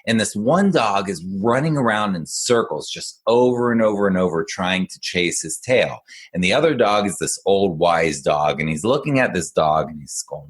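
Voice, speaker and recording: This deep-voiced executive function coach talks at a normal speed with hardly any pauses on a casual podcast. His explanations are patient and encouraging, and he tells stories with animation.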